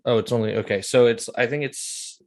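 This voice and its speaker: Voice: medium pitch, brisk, darkish tone. A player in a tabletop game, laughing and sheepish while sorting out a dice roll. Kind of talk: casual tabletop play.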